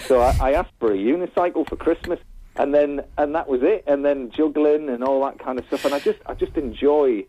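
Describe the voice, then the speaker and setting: A man telling stories in a casual interview, animated and chatty, laughing often. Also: medium pitch, brisk, no echo, narrow, tinny audio. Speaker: guest, TV presenter.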